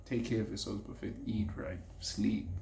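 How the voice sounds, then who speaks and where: A young South African man talks earnestly on his own podcast in a fairly low voice. He repeats his points and slips Zulu words into his English. The room sounds echoey, with a faint hum of ambience behind him. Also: steady tone, moderate pace, gravelly, darkish tone. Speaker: podcast host. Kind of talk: casual solo podcast monologue.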